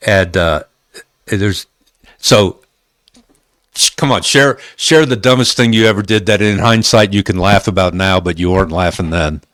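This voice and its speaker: A middle-aged man hosting a casual interview, prompting his guest in a relaxed, joking way. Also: deep voice, moderate pace, no room sound, clean studio sound. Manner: relaxed, prompting questions with laughter. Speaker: podcast host.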